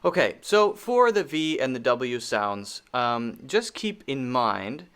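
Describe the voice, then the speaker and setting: Speaking slowly in a smooth, slightly bright, sing-song voice of medium pitch, a man teaches pronunciation. His spoken lesson is patient, with sounds repeated over and over as models.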